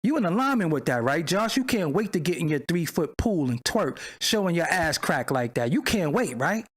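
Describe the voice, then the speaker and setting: A man's voice: fairly high pitch, very animated, normal speed. A man hosting a livestream, ranting in a profane, mocking, confrontational way and arguing with viewers in the chat. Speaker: channel host. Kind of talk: livestream commentary rant.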